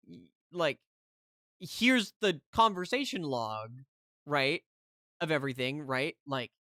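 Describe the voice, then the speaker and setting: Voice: mid-range voice, bright, forceful tone, dry recording, studio quality. A streamer telling a story to chat in a heated, casual rant, keeping on asking "right?".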